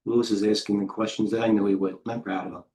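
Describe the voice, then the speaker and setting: A man's voice: lowish voice, level tone, fast, dark tone. A middle-aged man, a head trader, giving blunt, rambling live commentary on stocks, often breaking off mid-sentence. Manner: blunt, rambling, self-interrupting market talk. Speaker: head trader and market coach. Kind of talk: live trading stream commentary.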